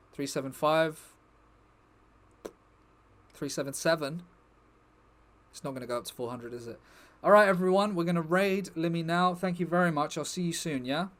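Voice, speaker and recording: A young man chatting casually to his stream viewers, rambling and joking with the chat. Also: fairly high pitch.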